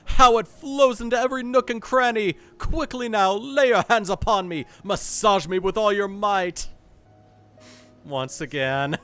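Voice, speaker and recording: A man voicing a pompous, theatrical gentleman inspector in a game, with grandiose, over-the-top dramatic delivery. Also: high voice, unhurried, clean tone, soft background music, pitched above the performer's own voice. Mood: ecstatic. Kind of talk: fan voice-over of game dialogue.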